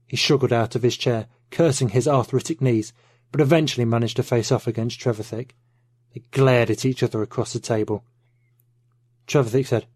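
A man reading a first-person novel aloud in a measured, even storytelling manner. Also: mid-range voice, breathy edge, no room sound, clean studio sound. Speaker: narrator. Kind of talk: audiobook narration.

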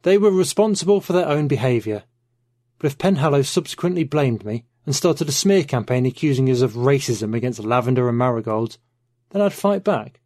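A man reading a first-person novel aloud in a measured, even storytelling manner. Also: medium pitch, dry recording, studio quality. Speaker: narrator. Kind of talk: audiobook narration.

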